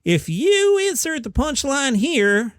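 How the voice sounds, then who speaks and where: A man putting on a folksy comedian who starts a line high and then drops his voice low. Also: very animated, slow pace, fairly bright tone, no room sound, clean studio sound, exaggerated voice. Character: folksy male comedian delivering a punchline.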